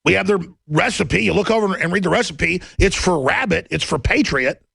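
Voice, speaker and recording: Gravelly man ranting on talk radio. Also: sits high, expressive, brisk, no room sound. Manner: sarcastic, mocking, bursts into shouting. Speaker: radio talk show host.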